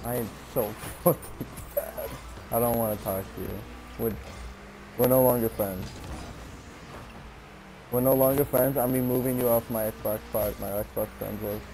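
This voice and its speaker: A man's voice: mid-range voice, steady tone, moderate pace, long pauses, noisy background. A man chatting casually while playing an online game on a headset mic, exasperated, swearing and teasing a friend in mock anger. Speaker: gamer. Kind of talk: casual gameplay chat.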